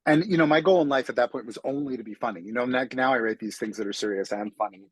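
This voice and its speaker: Husky-voiced man telling stories. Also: mid-range voice, quick pace, dry recording, low-quality recording. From New York City. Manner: self-deprecating storyteller with frequent restarts. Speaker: author and guest. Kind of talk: casual interview conversation.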